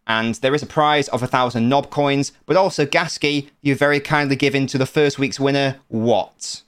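A young man hosts a podcast quiz segment in a casual, playful way. His voice is smooth and clear at a middle pitch. He teases his co-host and laughs easily. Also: a bit bright. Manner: playful, teasing, quick to laugh.

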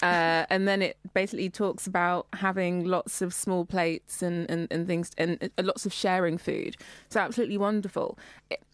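Woman, co-host, casual chat, playful, lowish pitch, dry close sound. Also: steady tone, moderate pace, few pauses, smooth, no room sound. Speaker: podcast co-host.

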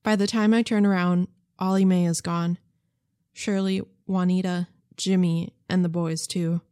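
Woman reading a chapter book aloud, lowish voice, calm even storytelling, close dry mic. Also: clean tone, no echo. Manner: measured, gentle storytelling. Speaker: narrator. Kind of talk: reading a novel aloud for radio.

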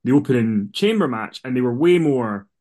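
A man's voice: mid-range voice, expressive, moderate pace, darkish tone. A man co-hosting a wrestling podcast in casual chat, rambling, with frequent restarts. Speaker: podcast co-host.

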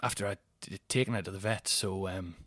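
A man in his 30s hosts a podcast, rambling through comic stories in a chatty, casual monologue and laughing at himself often. His voice sits low and sounds a bit bright, and he talks a little fast with no echo.

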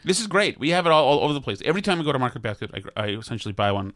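A man's voice: a little high, very animated, rapid-fire, fairly bright tone, no echo, clean studio sound. A man in his fifties hosting a podcast, joking and rambling in casual chat. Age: 50s. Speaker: podcast host.

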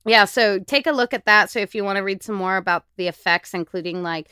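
A woman's voice: mid-range voice, a little fast, sharp tone, smooth, dry recording, clean studio sound. A woman co-hosting a podcast in chatty, enthusiastic casual talk, full of "like" fillers. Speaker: podcast co-host. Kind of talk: casual chat.

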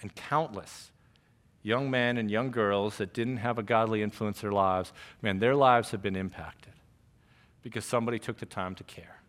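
A middle-aged male pastor from New York, preaching a sermon as a story, dropping to a hush and then rising loud again. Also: fairly low pitch, fairly even intonation, normal speed.

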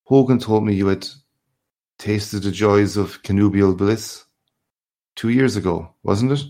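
Brief: male reader as a worldly, back-slapping journalist, deep gravelly voice, expansive storybook swagger. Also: measured pace, mellow. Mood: hearty. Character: boastful worldly Irish journalist, man, middle-aged.

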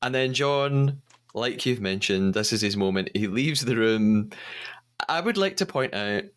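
A man's voice: medium pitch, animated, measured pace. A man hosting a podcast, casually retelling scenes with the odd stammered restart. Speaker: podcast host. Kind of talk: casual recap chat.

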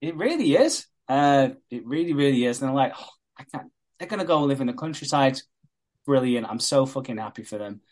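A podcast co-host chats casually while retelling a soap plot, swearing a lot and acting out the quotes. His medium-pitched voice is animated, brisk and a little mellow.

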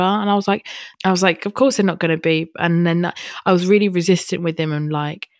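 Candid, low-voiced woman podcaster. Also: fairly even intonation, a little fast, no room sound, studio quality. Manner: chatty and heartfelt, full of "like" fillers and restarts; swears casually for emphasis. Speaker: podcast host. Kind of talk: candid personal podcast monologue.

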